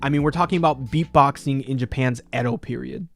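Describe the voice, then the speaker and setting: A man's voice: mid-range voice, fairly quick. A man hosting a casual music talk, rambling with lots of filler words. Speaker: music video essay host.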